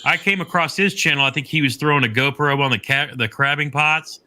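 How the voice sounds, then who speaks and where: Bright, enthusiastic chatty man. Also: on the high side, fairly quick. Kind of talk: casual chat.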